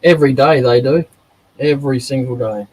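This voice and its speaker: A man's voice: mid-range voice, moderate pace, a little mellow, low-quality recording. A man, hosting a woodworking livestream in a laid-back, casual way. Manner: laid-back and laughing easily. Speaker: woodworking streamer. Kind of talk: casual live chat.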